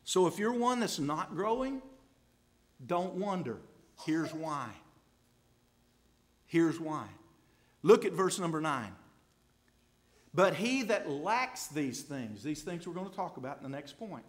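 A man preaching a sermon in a folksy, impassioned way, speaking straight to the congregation and swinging from hushed asides to loud climaxes. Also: fairly high pitch, animated, unhurried, long pauses.

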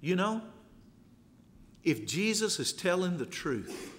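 A man preaching a sermon in an emphatic voice, building to loud exhortation. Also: high-pitched, very animated, slow, in a large hall, slight background noise.

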